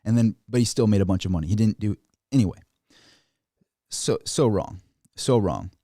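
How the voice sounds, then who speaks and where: Animated man giving market commentary. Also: moderate pace, dry recording, clean studio sound. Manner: animated, mimics officials in high mocking voices. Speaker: finance commentator.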